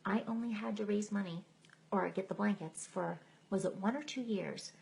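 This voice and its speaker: A woman's voice: medium pitch, normal speed, creaky, darkish tone, rough recording. A middle-aged woman giving a candid, emotional personal testimony live on a stream, laughing at herself as she tells it. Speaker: speaker sharing her testimony. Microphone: phone or computer mic on a live stream.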